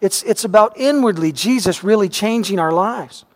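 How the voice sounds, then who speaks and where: Male pastor with a high voice, animated storytelling sermon, recorded in a reverberant church sanctuary. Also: normal speed. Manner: animated storyteller, voice rising and shouting at dramatic moments. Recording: long reverb of a large hall.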